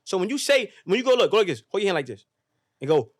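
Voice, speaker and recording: An emphatic man speaks with a slightly high voice, hammering phrases again and again with a preacher's cadence. He swears freely as a podcast guest giving a motivational talk. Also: sing-song, quick pace.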